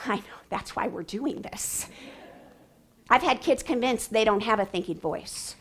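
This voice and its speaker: A woman teacher-trainer speaks to educators in a higher register. She is animated, slipping into playful classroom voices and soft whispered asides to make her point. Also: measured pace, husky. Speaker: literacy trainer.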